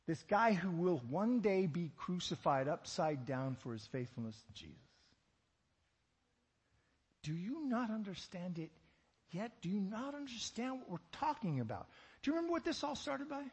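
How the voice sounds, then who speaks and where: A male pastor preaching with a lively, swooping voice that is husky in texture. He asks rhetorical questions and throws in joking asides, and a long hall reverb trails after each phrase. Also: sits high, moderate pace. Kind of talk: sermon.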